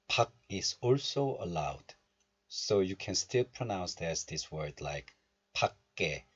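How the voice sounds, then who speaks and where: Male language teacher, low husky voice, lively pitch, patient syllable drills, dull lo-fi recording. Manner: explains step by step and repeats syllables slowly for learners. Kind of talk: recorded pronunciation lesson.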